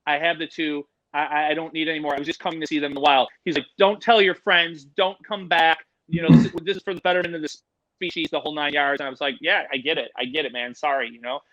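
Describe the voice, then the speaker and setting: Casting: middle-aged man, high bright voice, a lively swearing storyteller, dry close mic. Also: rapid-fire, dry recording, muffled recording. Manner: animated, swears freely, acts out voices in his stories. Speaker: podcast guest, animal educator. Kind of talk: casual storytelling.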